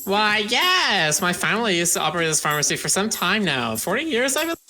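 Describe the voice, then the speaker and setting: A woman's voice: mid-range voice, big pitch swings, brisk, pushed and bright, soft background music, rough recording. A woman voicing a friendly, motherly female pharmacist who calls others darling and hon, reading game dialogue aloud on a live stream. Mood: warm, chatty.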